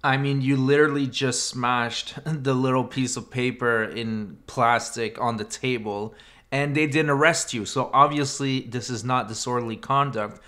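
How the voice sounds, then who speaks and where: Brief: mid-pitched man, sarcastic commentary voice-over, scornful. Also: steady tone, moderate pace, bright, forceful tone. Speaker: commentary narrator.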